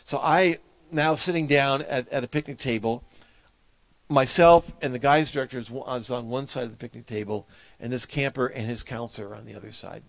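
Male pastor preaching, heartfelt storytelling, middle pitch, dry close sound. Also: fairly even intonation, brisk, vocal fry, no room sound. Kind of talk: sermon with a personal story.

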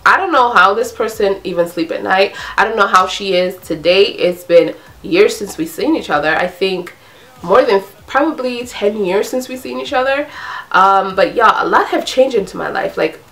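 A young woman from Queens, New York, telling a storytime in a casual, animated way, acting out quoted lines and swearing freely. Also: medium pitch, moderate pace. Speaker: vlogger.

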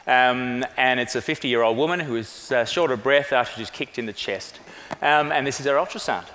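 A man presenting a quiz on stage, relaxed and chatty with fillers. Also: medium pitch, brisk, in a large hall, a little hiss or hum. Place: large conference hall.

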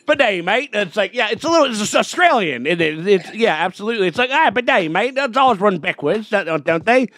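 Dude hosting a reaction vid from home, rambly, swears a lot, lots of restarts. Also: male voice, high voice, very animated, a little fast, hardly any pauses, fairly bright tone, no echo. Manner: upbeat greeting. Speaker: host of a reaction show. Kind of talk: casual reaction chat. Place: home setup.

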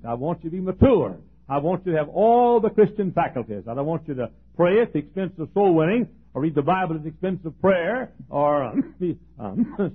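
Man, preacher, husky fairly high voice, folksy sermon with chuckles, tinny phone-like recording. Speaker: pastor. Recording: tinny phone-like old tape.

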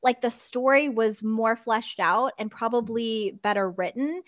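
A woman chatting casually in a book club discussion, enthusiastic and quick to laugh. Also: a little high, dry recording, studio quality. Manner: enthusiastic and giggly.

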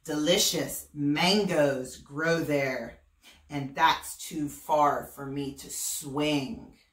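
A woman voicing a chattering, tricky male monkey in a storybook reading, with high, excited exclamations. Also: extremely slow. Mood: cheerful. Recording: roomy, voice from a distance.

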